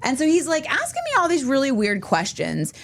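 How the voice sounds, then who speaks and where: A woman's voice: high-pitched, wildly swooping pitch, brisk, background noise. A young adult woman co-hosting a podcast, telling a story in casual chat, full of fillers and restarts. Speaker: podcast co-host.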